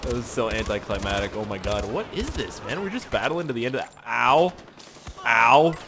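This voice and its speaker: A young man casually commenting on his gameplay with excitable, profane wisecracks. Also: medium pitch, moderate pace, noisy background. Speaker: gaming channel host. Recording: loud gunfire and game audio behind. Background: game gunfire and explosions.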